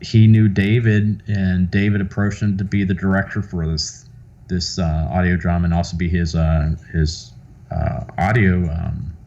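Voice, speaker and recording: A man's voice: low voice, flat delivery, normal speed, vocal fry, warm tone. Southern man rambling through a dull call. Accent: light Southern US. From American South. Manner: rambling, full of fillers and restarts. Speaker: guest actor. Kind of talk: casual interview chat.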